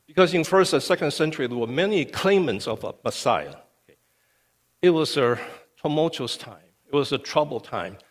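A man's voice: fairly high pitch, animated, moderate pace. A male pastor preaching a sermon with emphasis, often checking in with "okay". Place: church sanctuary. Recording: long reverb of a church hall.

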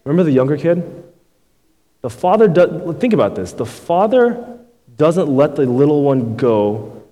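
A man's voice: on the high side, sing-song, measured pace, dark tone. Man preaching casually in a reverberant hall. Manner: conversational preaching, keeps tagging "right?" and "man". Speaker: pastor. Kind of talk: sermon.

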